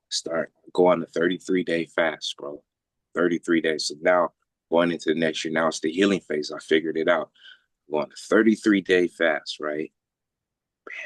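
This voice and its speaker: A man with a very low voice tells a personal story in blunt, profane street slang. He keeps checking in with his listener as he talks. The sound is dry and close. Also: no echo. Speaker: podcast guest. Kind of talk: casual storytelling.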